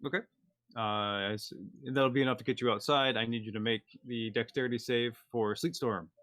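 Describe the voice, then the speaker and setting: A man's voice: mid-range voice, fairly even intonation, moderate pace, fairly bright tone, dry recording, clean studio sound. A man narrating as game master in a loose, hesitant way with many fillers.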